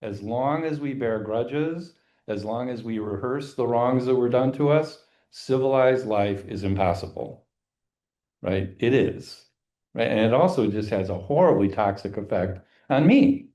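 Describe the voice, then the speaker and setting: A man's voice: medium pitch, animated, a little slow, dark tone. Man teaching a church forum, emphatic. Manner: conversational, emphatic, asks rhetorical questions. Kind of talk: church adult forum lecture. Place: church meeting room.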